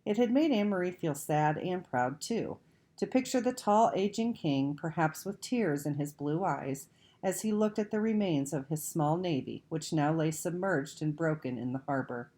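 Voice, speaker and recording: A woman reads a children's book aloud in an expressive, measured way. Her voice sits low for a woman, yet it moves widely and with life through each sentence. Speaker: audiobook reader. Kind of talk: storybook read-aloud narration.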